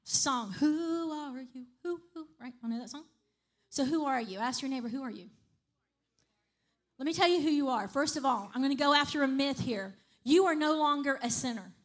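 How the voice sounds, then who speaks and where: Brief: woman preacher, high voice, chatty sermon delivery that keeps asking "right?". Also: brisk. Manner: conversational, repeats "right?" and "okay?" to the congregation.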